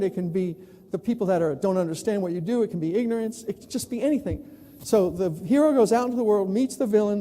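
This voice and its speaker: High-voiced man giving a keynote. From New York. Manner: animated, acts out quoted people. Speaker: plenary speaker. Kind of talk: conference keynote storytelling. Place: large conference hall. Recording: long reverb of a large hall.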